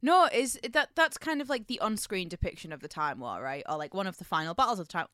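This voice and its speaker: Bright-voiced woman, dry close mic. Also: mid-range voice, quick pace, dry recording. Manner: swears casually, chatty and expressive. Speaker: podcast co-host. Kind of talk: casual chat.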